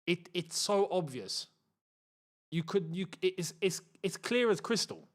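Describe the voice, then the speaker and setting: A young man hosts a live football watchalong in a high, light voice. He talks casually in slang and reads out viewers' messages in between. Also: expressive, a little slow. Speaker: host.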